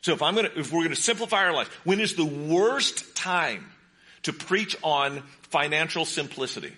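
A man's voice: on the high side, expressive, normal speed, pushed and bright. A pastor preaching a sermon in a conversational way, asking his congregation questions. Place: church sanctuary with congregation.

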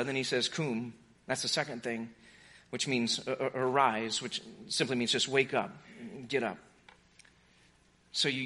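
A man preaching a sermon in a casual, conversational way, rising to urgent exhortation and dropping to soft, hushed tones. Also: on the high side. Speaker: pastor.

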